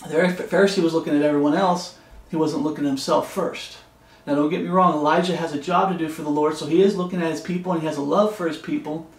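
A man with a fairly high, steady voice leads a sermon-style Bible study at a quick pace, and the recording sounds roomy. He's earnest and repetitive, repeating and restarting phrases and reading scripture aloud between remarks.

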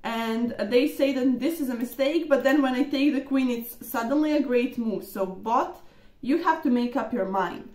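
Excitable high-voiced woman reviewing chess. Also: moderate pace. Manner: chatty and excitable, with many fillers. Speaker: chess content creator reviewing her own games. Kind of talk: casual game review commentary. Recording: echoey room.

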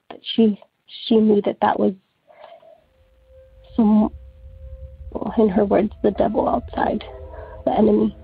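A woman's voice: mid-range voice, vocal fry, breathy edge. A woman calling in to tell a story in a rambling, casual way, filling her sentences with "like.". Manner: rambling, heavy use of "like". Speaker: caller. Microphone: telephone. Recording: phone line with faint music.

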